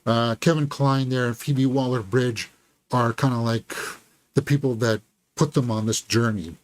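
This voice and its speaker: A man hosting a live film review, thinking aloud and giving candid, critical verdicts. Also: mid-range voice. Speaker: movie reviewer and channel host. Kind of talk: live movie review commentary.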